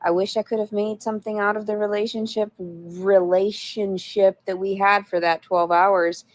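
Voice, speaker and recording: A woman's voice: medium pitch, fairly even intonation, moderate pace, no echo. Blunt, profane woman livestreaming. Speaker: livestreamer reading chat. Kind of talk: casual livestream chat.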